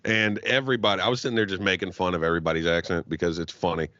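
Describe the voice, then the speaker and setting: A man's voice: low voice, fairly even intonation, racing, pushed and bright, no echo, dull audio. A man co-hosting a podcast, swearing freely and laughing as he jokes, with frequent stumbling restarts. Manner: profane, joking, laughs often, trailing restarts. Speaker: podcast co-host. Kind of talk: crude comedic podcast banter.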